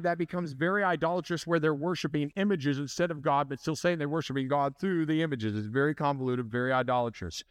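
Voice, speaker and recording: A man's voice: fairly high pitch, no echo, clean studio sound. A man preaching a sermon in a conversational way, asking the congregation questions and joking. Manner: conversational, asks the audience questions, jokes. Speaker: pastor.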